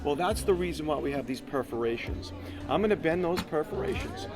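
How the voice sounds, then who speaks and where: Man, inventor type pitching his product, upbeat and salesy, higher voice, guitar strumming behind. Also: lively intonation, fairly quick. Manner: upbeat, salesy, coaching step by step. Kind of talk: product demo with live guitar playing. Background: guitar playing.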